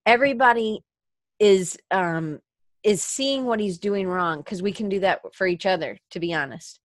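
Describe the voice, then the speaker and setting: In a clean studio recording with no echo, a podcast host speaks at a moderate pace in a mid-range voice. She's crying as she rambles through a sincere motivational monologue, restarting often and using filler words.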